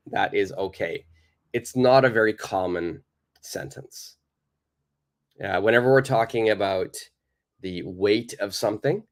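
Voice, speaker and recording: Slow, lively-voiced male English teacher. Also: lowish voice. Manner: slow, explaining patiently with many repeats; reads out and answers viewer questions. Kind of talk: live online lesson.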